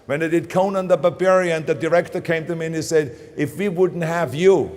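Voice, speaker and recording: A man's voice: fairly high pitch, brisk, a little mellow. An older man with a German accent giving a motivational speech, stressing key phrases and repeating them for emphasis. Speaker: public speaker.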